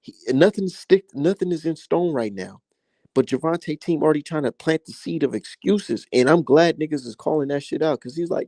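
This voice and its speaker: A young man hosting his own boxing commentary, talking casually in a heated, profane rant that climbs high when he gets worked up. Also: animated, fairly quick, dark tone, no room sound.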